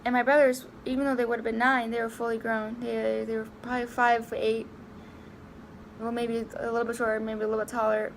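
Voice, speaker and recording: A young woman vlogging a personal story to camera, halting and emotional, close to tears, with many fillers and restarts. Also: a little high, little pitch movement, slight background noise.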